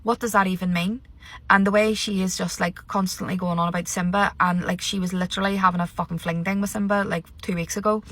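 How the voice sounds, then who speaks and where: A woman's voice: on the low side, flat delivery, quick pace, hardly any pauses, fairly bright tone. A woman ranting sarcastically and with lots of swearing while filming herself on her phone in a parked car. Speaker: vlogger reviewing a reality show. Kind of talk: casual ranting commentary. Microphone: phone held at arm's length.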